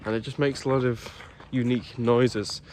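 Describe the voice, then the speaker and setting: A man's voice: medium pitch, fairly even intonation, moderate pace, a little mellow, a little hiss or hum. A man filming a casual travel vlog while hiking a coastal trail, chatty and teasing, laughing often. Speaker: travel vlogger. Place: outdoors on a coastal walking trail.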